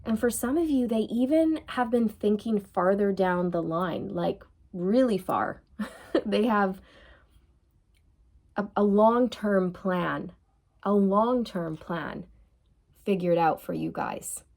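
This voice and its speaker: A woman talks through a tarot card reading at a slow, easy pace. Her voice is soft and mellow, and her phrasing meanders, looping back over the same words. She often breaks into light laughter at her own stumbles. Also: mid-range voice. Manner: loose and chatty, repeats phrases, laughs at her own slips. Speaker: tarot reader.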